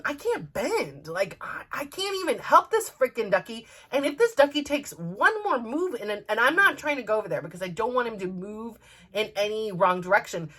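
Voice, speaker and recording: A middle-aged woman, telling a story casually and acting out voices as a podcast host. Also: a little high. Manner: animated, acts out voices, many fillers.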